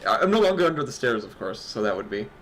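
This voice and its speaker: A young man in casual stream chat at his home desk, joking around and breaking into laughter often. His voice sits at an ordinary middle pitch, with a faint hum of noise behind him. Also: very animated, fast. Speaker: co-host of an awards stream.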